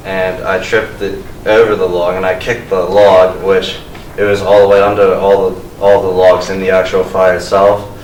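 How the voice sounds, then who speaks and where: Young guy rambling through a funny story, low flat voice, echoey room from afar. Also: slight background noise. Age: young adult. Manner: rambling, with uh and restarts. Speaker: student storyteller. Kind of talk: comic personal story. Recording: echoey room, mic far off.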